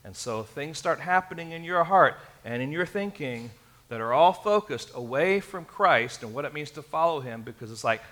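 Bright-voiced man preaching a sermon. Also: fairly high pitch, lively intonation, moderate pace. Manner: earnest preaching, addressing the congregation directly. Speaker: pastor.

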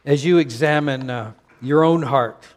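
A man's voice: mid-range voice, measured pace. An older man from Canada, a pastor preaching a sermon with earnest emphasis and frequent stammered restarts.

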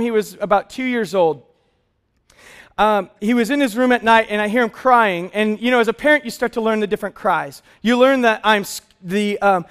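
A man in his thirties preaching a sermon as pastor, telling a family story with animated laughs. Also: high voice, smooth.

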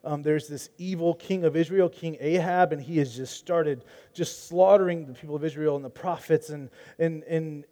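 Male pastor, mellow tone, earnest conversational sermon delivery. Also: on the high side. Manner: earnest, conversational preaching with restarts.

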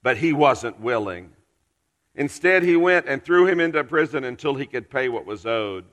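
A male pastor preaching in a church sanctuary, his bright, forward tone carrying out into the room. He tells a story earnestly, leaning into dramatic pauses, and a long reverb trails behind each phrase. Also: medium pitch, lively intonation, lo-fi sound. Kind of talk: storytelling sermon.

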